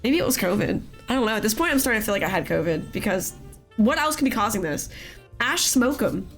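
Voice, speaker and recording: A woman with a hoarse voice after an illness, hosting a casual live art class and greeting chat in a sing-song way. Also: high voice. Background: soft music.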